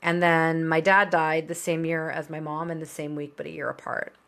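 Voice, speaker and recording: Low-voiced woman telling her story. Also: little pitch movement, vocal fry, a bit bright. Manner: open, conversational, quick asides with laughs. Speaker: podcast guest. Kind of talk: candid personal storytelling.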